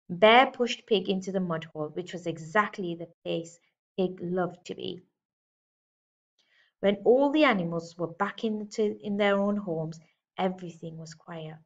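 Woman teacher, storybook read-aloud for kids, gentle, slightly dull lo-fi sound. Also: lowish voice, unhurried. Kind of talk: reading a picture book aloud to children.

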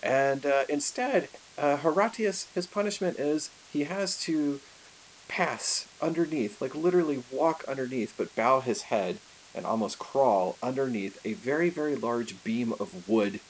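A man's voice: mid-range voice, unhurried, a little hiss or hum, poor audio. Man telling history casually. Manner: lively, conversational, with many fillers and asides. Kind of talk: casual storytelling lecture.

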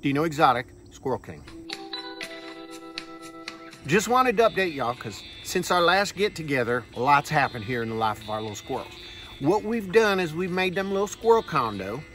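A man hosting a comic vlog outdoors, talking in a folksy, hushed, deadpan way and tagging phrases with "okay?". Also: a little high. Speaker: vlog host playing a self-styled squirrel expert. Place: outdoors under a tree on a farm. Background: faint crickets and insects.

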